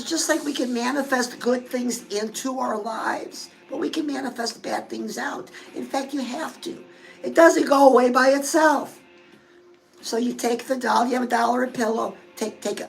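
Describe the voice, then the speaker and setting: A woman hosts a love and dating advice talk in a high, gravelly voice. She chats in a confiding way, as if to a close friend, while faint music plays underneath. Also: normal speed, rough recording. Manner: chatty, confiding, addresses listeners as girl. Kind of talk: casual advice talk to viewers.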